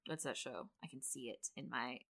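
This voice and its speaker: A woman co-hosting a podcast in casual chat, playful and quick to chime in with jokes. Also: extremely low pitch, creaky, fairly bright tone. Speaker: podcast co-host.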